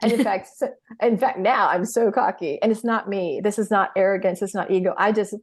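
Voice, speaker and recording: Animated middle-aged woman telling stories. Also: mid-range voice, brisk. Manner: animated storytelling, acting out her own reactions with laughs. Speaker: podcast guest, healer and coach. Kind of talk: casual interview chat.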